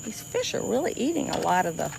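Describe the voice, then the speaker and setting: A woman's voice: lowish voice, big pitch swings, quick pace, creaky, background noise. A woman from South Louisiana with a Cajun accent, chatting casually with viewers during an outdoor livestream by the water. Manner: chatty, lots of restarts and y'all, laughs easily. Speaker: livestream host. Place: outdoors by a swamp river at night.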